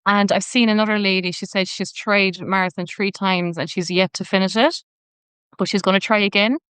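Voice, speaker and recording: A woman's voice: mid-range voice, steady tone, normal speed, fairly bright tone, clear, resonant tone, no room sound. An Irish woman in her thirties, a personal trainer and podcast guest, chatting and telling stories with lots of "like" fillers. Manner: chatty storytelling, many "like" fillers. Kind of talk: casual interview chat.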